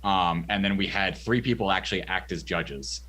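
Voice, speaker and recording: A man's voice: sits low, moderate pace, bright, forceful tone, slightly rough. A man as a podcast guest, talking casually with hesitant fillers and bursts of laughter. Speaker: podcast guest, charity streamer.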